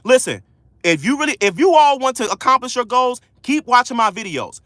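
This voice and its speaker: A man coaching viewers on a livestream, loud, slangy and preachy, repeating key lines. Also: very high voice, expressive, a little fast, dry recording, clean studio sound. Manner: casual slangy speech. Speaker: credit coach hosting a livestream. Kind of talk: motivational livestream talk.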